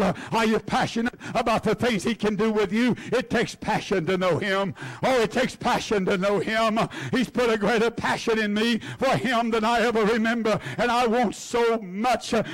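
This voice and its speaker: A man preaching a sermon, fervent and repetitive, calling on his congregation by name. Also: high-pitched. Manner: fervent preaching, repeating words for emphasis. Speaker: pastor.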